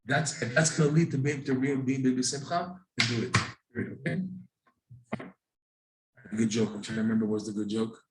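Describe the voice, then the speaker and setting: A man's voice: medium pitch, little pitch movement, normal speed, long pauses, roomy sound, heavy background noise. A man teaching a live religious class, emphatic and repeating his questions for effect. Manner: emphatic, repeats questions, rising to near-shouts. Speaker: Torah teacher.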